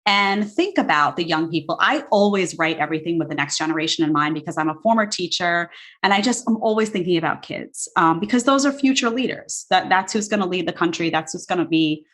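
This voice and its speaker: A woman in her thirties, a book author and guest, talking in animated casual chat full of likes and restarts. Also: lowish voice. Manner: animated, talks fast with many likes and restarts. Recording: live video call.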